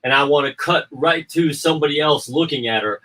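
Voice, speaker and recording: A man's voice: fairly high pitch, brisk, sharp tone, recorded from a distance, poor audio. A man chatting casually about editing his own film, rambling, repeating himself and acting out quotes. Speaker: indie filmmaker and editor. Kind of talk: casual livestream chat.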